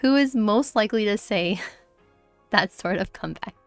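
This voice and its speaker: A woman's voice: medium pitch, lively intonation, moderate pace, no room sound, soft background music. Giggly, apologetic woman streamer. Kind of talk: casual gaming livestream chat. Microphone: close desk mic.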